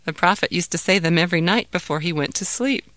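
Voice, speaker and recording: A woman doing a soothing gentle mother. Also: on the low side, quick pace, dry recording, close to an everyday voice. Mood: explaining. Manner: soothing, patient. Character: gentle loving mother comforting her son. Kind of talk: storybook read-aloud.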